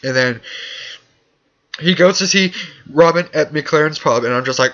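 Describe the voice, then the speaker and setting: A man's voice: on the high side, normal speed, long pauses, fairly bright tone. A young man talking casually and rambling, with lots of fillers and sarcastic asides, recorded on dull lo-fi gear. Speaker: vlogger recapping a TV episode.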